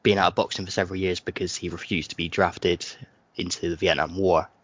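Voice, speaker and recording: A man's voice: deep voice, flat delivery, brisk, a bit bright, no room sound. A man co-hosting a casual podcast, joking about himself and laughing often. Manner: jokey, self-mocking, laughs often. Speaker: podcast co-host. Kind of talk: casual chat.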